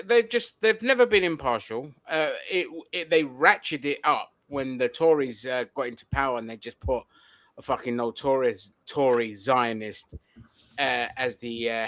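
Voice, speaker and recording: A man's voice: mid-range voice, normal speed, fairly bright tone, no echo. A man in a casual political discussion who talks bluntly and swears freely.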